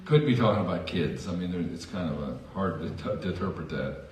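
A man's voice: sits low, lively intonation, a little fast, darkish tone, recorded from a distance, a little hiss or hum. A man preaching a sermon as pastor in a church, conversational with self-deprecating asides. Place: church sanctuary. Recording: echoey church hall from afar.

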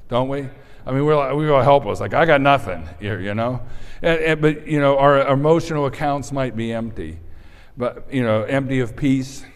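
A man's voice: mid-range voice, long reverb tail. A man preaching a sermon as pastor, talking in a loose, conversational way with lots of fillers and restarts.

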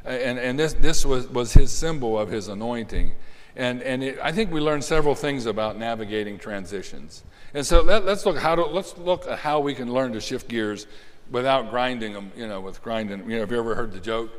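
A man's voice: medium pitch, fairly quick. A man preaching a sermon in a conversational way, often restarting his phrases. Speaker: pastor. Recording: long hall reverb.

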